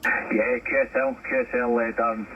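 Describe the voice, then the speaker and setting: A Scottish man on ham radio, chatting in a relaxed, storytelling way. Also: mid-range voice, moderate pace, slight background noise. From Scotland. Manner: relaxed, storytelling, uses 'wee' and 'aye'. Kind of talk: casual radio contact chat. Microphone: heard over a shortwave radio. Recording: muffled radio reception.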